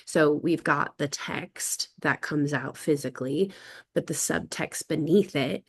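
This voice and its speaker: A middle-aged woman with a slightly low voice, speaking in a relaxed group conversation. She thinks aloud in long winding sentences, often pausing to ask "right?" as she goes. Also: vocal fry, breathy edge. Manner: reflective, speaks in long thoughtful runs, often checks in with "right?". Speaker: podcast guest. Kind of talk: casual discussion.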